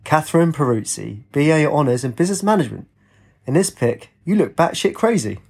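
Male reader as a worn, one-armed ex-Marine living rough: gravelly, husky, blunt and cynical. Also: on the high side, animated, brisk, darkish tone, voice pushed up, full character voice.

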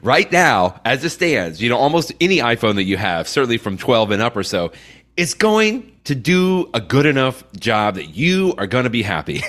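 A man co-hosting a podcast in casual chat, agreeable and quick to laugh. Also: medium pitch, very animated, a bit bright. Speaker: podcast co-host.

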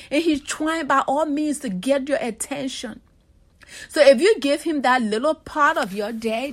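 High-voiced woman preaching a sermon. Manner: earnest exhorting, drawn-out emphasis.

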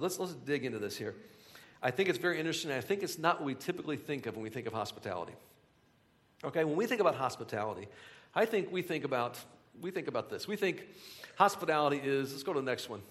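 A man's voice: on the high side, fairly bright tone, long reverb tail. A man preaching to a congregation, talking conversationally and building to emphatic bursts with repeated phrases. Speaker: pastor. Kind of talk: sermon. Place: large hall with a live congregation.

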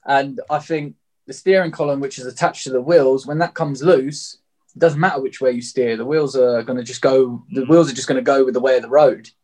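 A man's voice: medium pitch, fairly even intonation, fairly quick, a little mellow. Young man telling a story casually. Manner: loose and blunt, swears, leans on "like".

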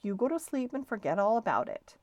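A woman voicing a calm mother reassuring her son at bedtime in a storybook. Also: on the high side, brisk, no echo, highs cut off. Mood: soothing. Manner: soothing, reassuring.

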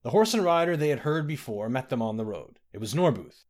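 A man narrating a fantasy audiobook in a steady, dramatic storytelling manner. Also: mid-range voice, fairly quick.

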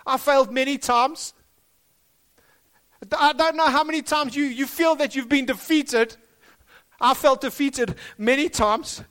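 South African male pastor, high-pitched, emphatic sermon delivery with repeated phrases. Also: measured pace, pauses often, a bit bright. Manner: emphatic, rising and dropping for stress, repeats phrases. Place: school hall.

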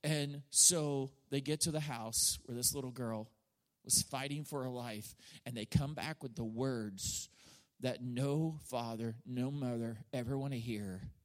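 A middle-aged man preaching a sermon, telling a story with emotion and swinging from loud passages to hushed ones. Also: medium pitch, measured pace. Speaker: pastor.

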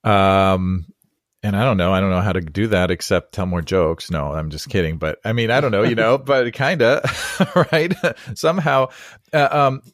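A Presbyterian pastor from the San Diego area hosts a conversational podcast interview, telling rambling stories and laughing easily. His voice is lowish at a moderate pace, in a dry, studio-quality recording.

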